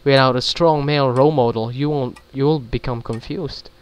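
A man's voice: medium pitch, steady tone, normal speed, smooth, natural voice. A man voicing a stern, prying mother who reproaches her son, in an everyday reading voice. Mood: lecturing. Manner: reproachful, lecturing.

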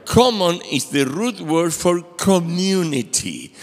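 An older man preaches to a congregation, his voice slightly high and gravelly. He tells stories with lively swings in pitch and acts out each character's lines. His voice rings with the long reverb of a church hall. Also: a little slow. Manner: animated storyteller acting out quoted dialogue. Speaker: guest preacher. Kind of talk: sermon with storytelling. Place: church sanctuary.

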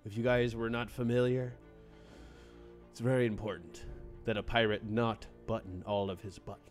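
A man live-streaming a game, excitable and playful, greeting viewers by name and joking in pirate talk. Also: lowish voice, normal speed, soft background music.

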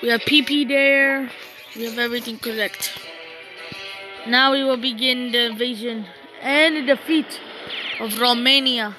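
A young gamer casually commenting on a strategy game she plays, rambling to herself and giving shout-outs to viewers. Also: mid-range voice, fairly even intonation, a little slow, pauses often, over music, low-quality recording. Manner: rambling, talks to herself while playing. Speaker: gaming channel host.

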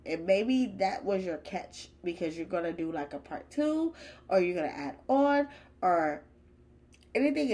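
A woman hosting her own horror reaction channel, talking back to the screen in an emphatic, excitable, chatty way. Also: mid-range voice, rough recording. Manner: chatty, uses homespun comparisons. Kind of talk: casual reaction commentary.

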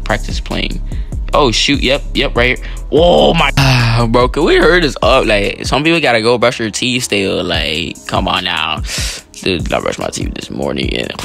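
Gravelly excitable young-sounding man gaming. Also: medium pitch. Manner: excitable, slangy, talks to teammates. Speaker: gaming channel host. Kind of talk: live gameplay commentary.

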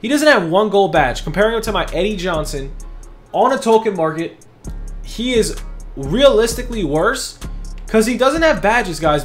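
A young man giving casual, hyped commentary over his gameplay, talking quickly and often repeating himself, a bit out of breath. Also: sits high. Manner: fast, hyped, repeats words while talking. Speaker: gaming YouTuber.

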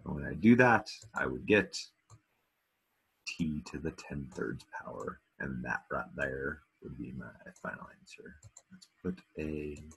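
A man's voice: very deep voice, a bit bright, breathy edge. A man teaching math in a recorded video lesson, talking casually with self-deprecating asides.

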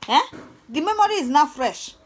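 Nigerian woman vlogger, young, slightly high voice, scornful rant, stammery and repetitive. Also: sing-song, normal speed. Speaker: channel host. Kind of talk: ranting commentary vlog.

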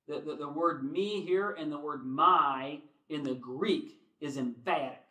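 A middle-aged man preaching a sermon in a church, shifting from soft, slow reflection to loud, emphatic appeals. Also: a little high, roomy sound, poor audio. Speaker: pastor. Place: church sanctuary.

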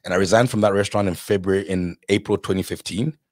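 A man from South Africa, a restaurateur, telling his story in a candid interview, animated and casual, acting out the people he quotes and swearing now and then. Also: sits low, quick pace, no room sound. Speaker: restaurateur guest.

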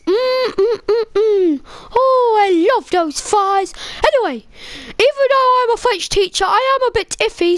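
A woman's voice: extremely high pitch, dry recording. A woman playing a bumbling, cheery French teacher. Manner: mock French phrases, drawn-out "oui, oui". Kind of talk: game role-play.

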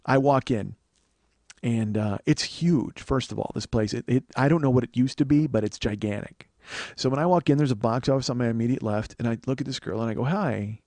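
A man in his forties hosting a comedy podcast, telling stories in an animated, profane, ranting way. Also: medium pitch, brisk, no room sound. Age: 40s. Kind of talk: comic storytelling monologue.

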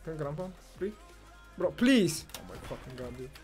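A young man with a slightly high voice talks through his own match as it happens. He mutters one moment and yells the next, swearing and ranting freely, while music plays faintly underneath. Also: normal speed. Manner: excitable, swears, rants, swings from mumbling to yelling. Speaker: gamer streamer. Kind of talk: gameplay commentary.

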